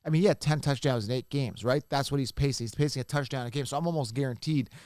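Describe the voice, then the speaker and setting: A man's voice: medium pitch, quick pace, darkish tone, dry recording, studio quality. A man hosting a fantasy football podcast, talking casually and animatedly to his viewers, repeating his points and calling them guys. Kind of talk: casual solo commentary.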